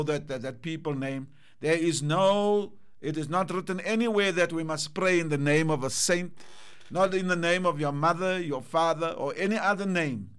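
A middle-aged man delivers a sermon, reading old-style scripture and commenting on it. His voice sits fairly high for a man and climbs higher and louder when he presses a point. He keeps punctuating with amen and hallelujah. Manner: emphatic, repeats "amen" and "hallelujah"; rises in pitch and force for emphasis. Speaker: preacher.

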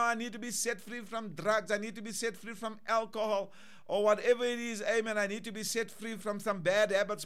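A man's voice: high voice, fairly bright tone, clean tone. A man preaching a fervent sermon as a pastor, repeating declarations and calling out to listeners.

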